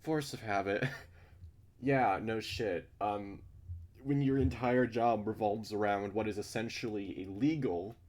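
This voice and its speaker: A man's voice: on the low side, a little slow, darkish tone. A man reading a visual novel aloud, breaking off for blunt, sweary asides. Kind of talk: reading a story aloud with casual commentary.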